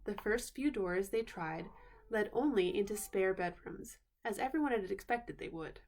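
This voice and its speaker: A woman reading a bedtime story aloud in an unhurried way, pausing now and then to explain words. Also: medium pitch, expressive, darkish tone, slight background noise.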